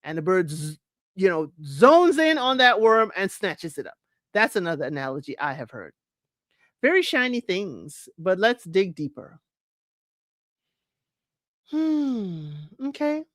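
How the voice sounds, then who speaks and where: A woman's voice: medium pitch, very animated, a little slow, long pauses, a bit bright, no room sound, clean studio sound. A woman hosting a casual live show, reading viewer comments aloud and chatting with frequent laughter. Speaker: podcast host reading live chat. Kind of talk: casual live recap chat.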